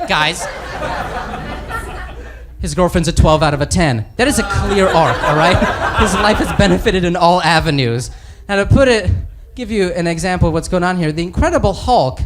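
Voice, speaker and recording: Animated stand-up comic in a noisy club. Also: male voice, sits high, moderate pace. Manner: animated, mocking, voices characters. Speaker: stand-up comedian. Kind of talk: stand-up set. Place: comedy club stage.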